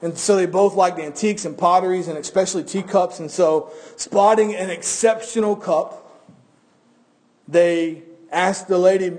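A man's voice: high voice, normal speed, darkish tone. A man preaching a sermon as pastor in a church service, earnest and repeating words as he starts a phrase.

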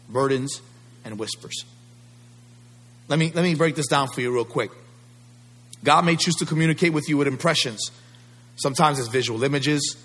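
A man's voice: medium pitch, fairly bright tone, breathy edge, big-room sound. A man preaching a sermon as pastor, building up with repeated calls to his congregation.

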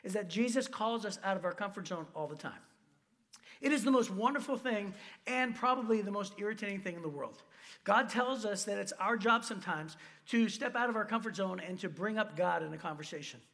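A man preaching with a high voice and a quick, rushing delivery. He tells a story with lots of animation and acts out the other voices himself, laughing at his own mishaps. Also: a bit bright. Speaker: pastor. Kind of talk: sermon storytelling.

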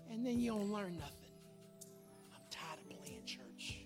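A preacher in their forties giving a sermon, repeating words and building from quiet talk to shouting hoops. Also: medium pitch, big pitch swings, measured pace, music in the background. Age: 40s. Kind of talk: sermon with hooping.

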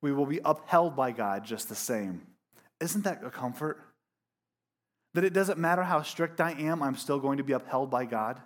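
Animated preacher with a slightly high voice. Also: male voice. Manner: animated, emphatic, self-deprecating. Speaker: pastor. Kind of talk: sermon. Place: church room with a congregation.

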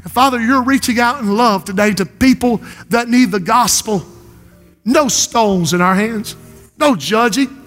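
High-voiced impassioned Southern preacher. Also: male voice, unhurried, faint music behind. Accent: South Carolina Lowcountry. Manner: impassioned, rising to shouted refrains. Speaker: pastor. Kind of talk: sermon. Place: large church sanctuary. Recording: long reverb of a church hall.

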